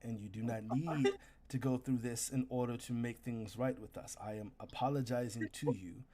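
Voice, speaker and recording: A man voicing a formal, guilt-ridden young male warrior who speaks in stiff, halting phrases. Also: medium pitch, mellow, close to an everyday voice. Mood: earnest.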